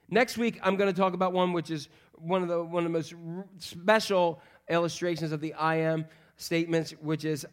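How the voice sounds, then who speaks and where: A middle-aged man, a pastor, preaching a sermon with lively, joking storytelling and frequent fillers. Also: sits high, brisk. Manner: animated, humorous storytelling with many fillers.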